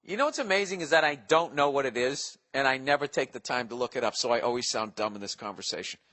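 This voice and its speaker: A man's voice: medium pitch, animated, fast, bright, forceful tone, long reverb tail. A man in his forties hosting a podcast, rambling through listener mail in a profane, sarcastic, comedic monologue. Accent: Boston. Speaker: podcast host.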